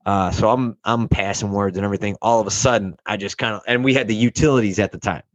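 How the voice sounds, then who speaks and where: A man's voice: on the low side, fairly even intonation, quick pace, dry recording. Profane young man telling a navy tale. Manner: profane, rambling, acts out quoted voices. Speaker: storyteller. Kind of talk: casual storytelling.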